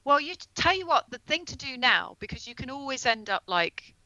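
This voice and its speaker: Bright-voiced woman explaining astrology. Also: high-pitched, big pitch swings, no room sound, highs cut off. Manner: explains earnestly, slows down on key terms. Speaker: astrologer guest on a comedy podcast. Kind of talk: casual podcast conversation.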